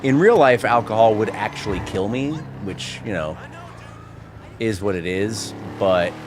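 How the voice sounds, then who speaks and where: Male game streamer, low, lively voice, jokey self-mocking patter, faint noise in the background. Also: unhurried. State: playing a tipsy character. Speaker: gaming streamer. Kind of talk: casual gameplay commentary.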